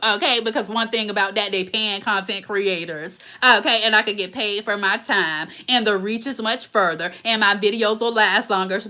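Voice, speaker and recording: A woman's voice: mid-range voice, fairly even intonation, normal speed, few pauses, pushed and bright. A woman, hosting a casual live Q&A and talking emphatically straight to her viewers. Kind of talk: casual live-stream chat.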